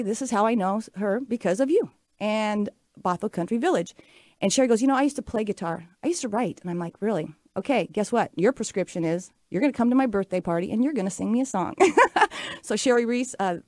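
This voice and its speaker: A woman's voice: mid-range voice, a little mellow, no echo. A woman in her late forties hosting a radio talk show, telling a personal story in an upbeat, earnest, chatty way. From Pacific Northwest US. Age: 40s. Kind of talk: casual radio monologue. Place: radio studio.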